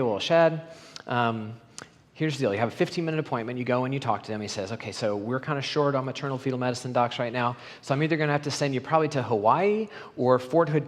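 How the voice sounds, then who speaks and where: A middle-aged man giving a conference talk, telling stories and acting out the dialogue with animation. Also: mid-range voice. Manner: animated, acts out quoted dialogue. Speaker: conference speaker. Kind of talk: storytelling keynote talk. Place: conference hall. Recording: long hall reverb.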